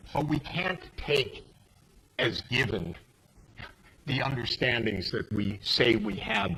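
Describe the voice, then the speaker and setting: An older American man speaking emphatically and indignantly on a panel, his voice rising to sharp outbursts. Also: mid-range voice, vocal fry, noisy background. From United States. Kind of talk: impassioned panel speech. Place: forum hall.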